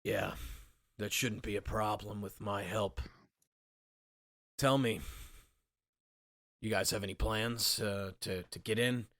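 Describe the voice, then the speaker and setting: Guy doing a deep gruff masked spy, short guarded answers, tabletop game voice. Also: fairly even intonation, takes it slowly, long pauses, fairly bright tone, dry recording, studio quality.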